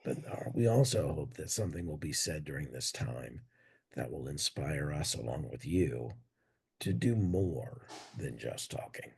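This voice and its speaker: Hoarse low-voiced man with laryngitis. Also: big pitch swings, a little slow, darkish tone. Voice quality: croaky, gravelly. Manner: self-deprecating, conversational. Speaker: podcast co-host. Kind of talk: casual religious discussion.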